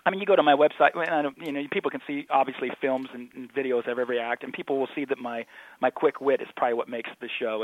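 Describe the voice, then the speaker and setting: A quick-talking man calls in over a thin, tinny phone line. He tells his stories with energy, putting on the voices of the people he quotes. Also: medium pitch, no room sound. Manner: animated anecdotes, acts out quoted voices. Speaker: comedy magician guest. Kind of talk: casual interview storytelling.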